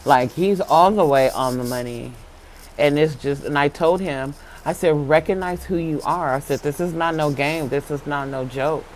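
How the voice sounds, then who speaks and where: A spiritual vlogger casually telling viewers a story, swinging from hushed talk to loud, laughing bursts, with lots of "like" and casual swearing. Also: medium pitch, moderate pace, slight background noise. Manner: filler-heavy, lots of "like".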